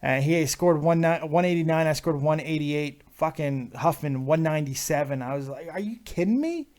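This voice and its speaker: Man hosting a live show, slightly high voice, excitable, casual swearing. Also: normal speed. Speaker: host.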